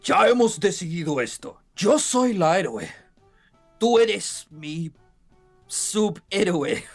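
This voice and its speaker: A man's voice: high voice, very animated, slow pace, faint music behind, full character voice. A man voicing a bossy female heroine in a hammed-up mock-Spanish delivery, as a joke while streaming a visual novel. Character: bossy female heroine scolding her sidekick.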